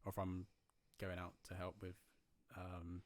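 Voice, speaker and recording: A man's voice: sits low, a little slow. A young man, a guest on a podcast, chatting casually and loosely with lots of fillers. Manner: relaxed, rambling, lots of fillers. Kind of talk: casual chat.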